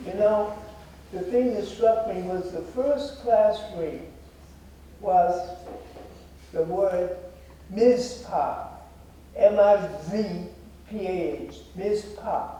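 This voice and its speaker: A man in his nineties speaks earnestly and deliberately to an audience in a theater. His voice sits high but sounds deeply mellow, and he talks at a slow pace. The hall rings with echo, and he is picked up from far off with a faint hiss behind him. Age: 90s. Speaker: guest speaker. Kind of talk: formal speech to an audience. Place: theater auditorium. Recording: very echoey hall, voice heard from a distance.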